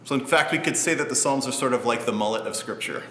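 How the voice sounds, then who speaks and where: A man preaching a sermon in a relaxed, conversational way with light humor. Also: mid-range voice, fast talker, reverberant, a crowd in the background. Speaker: pastor.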